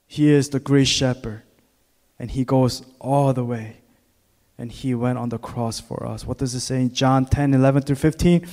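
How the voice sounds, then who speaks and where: Man preaching in an echoing hall. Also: steady tone. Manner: swings from hushed, slow reflection to loud, high-pitched preaching. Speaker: pastor. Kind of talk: sermon.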